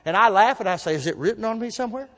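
A man preaching a sermon, telling folksy stories and swinging from soft asides to loud emphasis. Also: sits high, expressive, racing, long reverb tail. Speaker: pastor.

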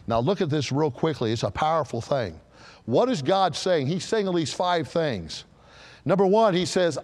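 Male pastor with a higher voice, animated preaching, large reverberant church. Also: unhurried. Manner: animated preaching with rhetorical questions, swelling to emphatic peaks. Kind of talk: sermon.

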